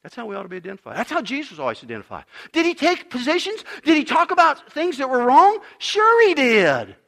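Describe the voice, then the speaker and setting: A middle-aged pastor preaching a sermon, emphatic, dropping to a hush and then rising loud again. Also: male voice, very high-pitched, huge pitch swings, brisk, creaky. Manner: emphatic preaching, swinging between loud and hushed.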